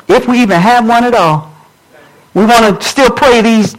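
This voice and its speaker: A woman's voice: medium pitch, moderate pace, pauses often, low-quality recording. A woman pastor preaching a sermon fervently, speaking straight to her congregation.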